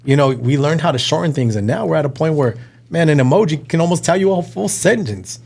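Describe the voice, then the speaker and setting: A man's voice: on the high side, brisk, creaky. A man in his thirties, a restaurant owner, chatting casually as a podcast guest and acting out little phone conversations. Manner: relaxed, acts out little phone conversations in quotes. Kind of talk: casual chat.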